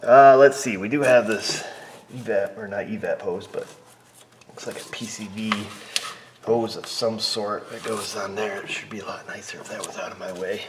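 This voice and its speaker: A mechanic with a lowish, steady voice and moderate pace narrates a repair casually in his shop bay, joking and rambling to himself and at times whispering up close. Background noise is present.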